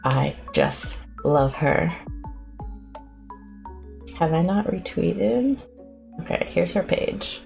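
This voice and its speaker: A woman artist chatting casually on a co-working livestream, effusive and excitable, sometimes breaking into high squeals. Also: extremely slow, gravelly, pauses often, soft background music. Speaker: artist streaming a co-working session.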